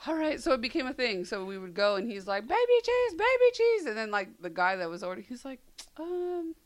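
A woman's voice: mid-range voice, a little fast. A woman in her thirties co-hosting a radio show, telling stories with lots of laughter and acted-out quotes. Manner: laughing storyteller, acts out quotes. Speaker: radio co-host. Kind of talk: casual chat.

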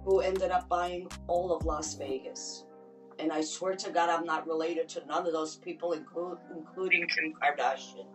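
A woman with a very low voice tells stories in a casual, emphatic way, swearing for effect. She sounds set back from the microphone. Faint music plays underneath. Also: normal speed. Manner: animated, emphatic storyteller who swears. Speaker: podcast guest. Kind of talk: casual storytelling. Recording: distant mic with faint music.

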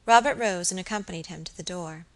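A woman's voice: lowish voice, fast. Woman narrating a Victorian novel. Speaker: audiobook narrator.

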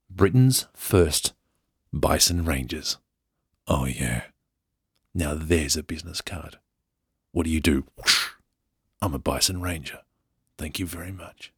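A low-voiced Australian man hosts a podcast, reading an article with jokey, self-interrupting asides. His tone is slightly husky and swings up and down a lot. The room sound is very dry. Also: animated, unhurried, long pauses, dry recording. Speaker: podcast host. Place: indoor room.

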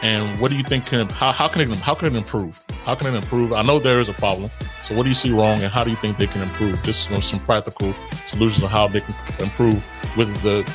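A man's voice: lowish voice, fairly even intonation, fast talker, hardly any pauses, music in the background. A man hosting an interview who asks long, rambling questions, repeating himself and using many fillers. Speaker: host.

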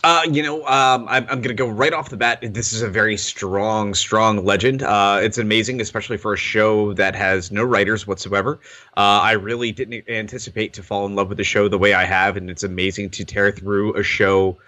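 A man's voice: fairly low pitch, fairly even intonation, brisk, bright, forceful tone, dry recording. A man co-hosting a podcast, chatting casually in a rambling way that keeps interrupting itself. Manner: rambling, self-interrupting, laughs often. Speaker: podcast co-host. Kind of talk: casual chat.

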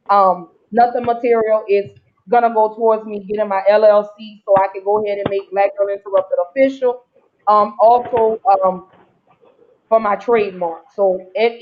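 A woman hosting a casual live podcast, emotional and effusive, often repeating herself. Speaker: podcast host. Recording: muffled low-fidelity audio.

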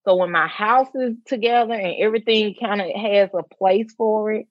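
A woman's voice: medium pitch, moderate pace, dry recording, muffled recording. A woman, a teacher and mother, talking earnestly and reflectively about faith and rest in a casual conversation. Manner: earnest, reflective, quotes others in lively voices. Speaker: mother of twins. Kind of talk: faith conversation, personal sharing.

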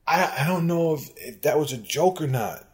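A man's voice: a little high, lively intonation, normal speed. Exasperated man ranting about fan comments. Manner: exasperated, sarcastic, rising to loud outbursts. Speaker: sports podcast host.

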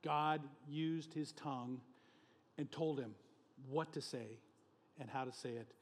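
A male pastor preaching a sermon with emphatic, animated delivery, often chuckling between points. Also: mid-range voice, takes it slowly, long reverb tail.

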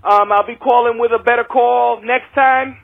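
A man's voice: very high-pitched, fairly even intonation, normal speed, gravelly, dry recording, narrow, tinny audio. A man leaving a cheerful voicemail message while sick with a cough, exuberant and laughing as he talks. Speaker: caller.

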